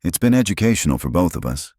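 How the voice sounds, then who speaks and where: A man's voice: deep voice, big pitch swings, fast talker, darkish tone, breathy edge, no echo, studio quality, full character voice. A man voicing an eager, earnest little human girl in a storybook narration.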